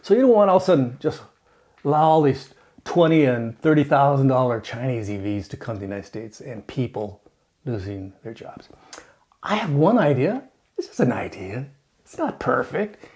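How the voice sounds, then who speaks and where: A man's voice: mid-range voice, moderate pace. A man hosting his channel, giving a casual, rambling opinion talk with jokes and asides. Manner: animated, joking, rambling with asides. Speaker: channel host.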